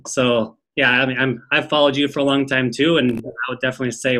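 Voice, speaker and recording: A man's voice: medium pitch, little pitch movement, brisk, hardly any pauses, pushed and bright. Upbeat male podcast host. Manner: upbeat, encouraging. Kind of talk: casual interview. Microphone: remote call.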